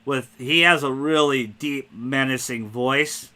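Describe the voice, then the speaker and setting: A man hosting a casual spoiler podcast, talking excitedly and rambling, cursing freely. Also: mid-range voice, slow. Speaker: podcast host.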